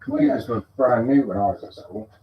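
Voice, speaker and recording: A man's voice: mid-range voice, very animated, fairly quick, far from the mic, lo-fi sound. A man, a customer, chatting casually in a barber shop and giving brief, laid-back replies. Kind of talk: casual chat.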